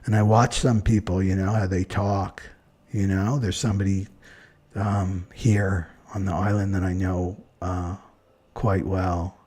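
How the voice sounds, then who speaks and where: A man who is an astrologer, chatting in a relaxed way on a live stream as he answers viewer comments, often adding "right?" and short laughs. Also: sits low, a little slow, slightly rough. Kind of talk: live-stream talk and chart reading.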